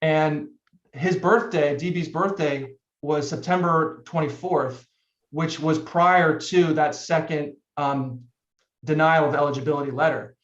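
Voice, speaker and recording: A man's voice: on the high side, measured pace. A man arguing for the appellant in court, hesitant and filler-heavy, often restarting his sentences. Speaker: attorney for the appellant. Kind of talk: courtroom oral argument. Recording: echoey, muffled courtroom audio.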